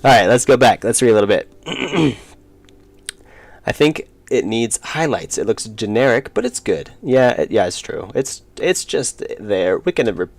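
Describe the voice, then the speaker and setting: A man's voice: mid-range voice, sing-song, measured pace, gravelly, dry recording. A young man streaming his indie game work, rambling casually and reading chat aloud with self-deprecating jokes. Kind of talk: casual live-stream chat while working.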